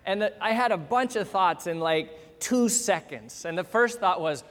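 High-voiced pastor telling a comic story. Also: male voice, unhurried, big-room sound. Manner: animated, humorous storyteller acting out scenes. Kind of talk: storytelling sermon.

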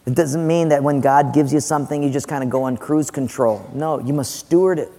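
Fairly high-voiced pastor in an echoing church. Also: male voice, brisk, dark tone. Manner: conversational, questioning the congregation, joking. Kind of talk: sermon. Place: large church sanctuary. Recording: long church hall reverb.

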